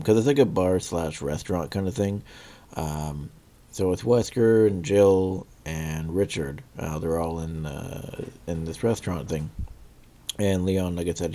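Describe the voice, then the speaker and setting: A man casually reviewing a movie, rambling with many fillers and restarts, often clearing his throat and coughing. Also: sits low, warm tone.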